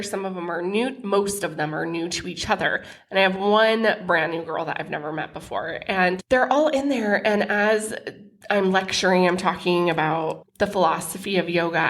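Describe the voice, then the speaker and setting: A woman's voice: mid-range voice, a bit bright. Woman, mid-range voice. Playful, chatty podcast co-host. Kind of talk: casual chat.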